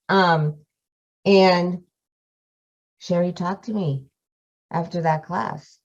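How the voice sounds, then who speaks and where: A woman's voice: on the low side, fairly even intonation, drawn-out words, long pauses. A woman giving a frank, profane, self-mocking and emotional testimonial about a course over a video call. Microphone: computer camera mic on a video call. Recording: muffled video-call audio.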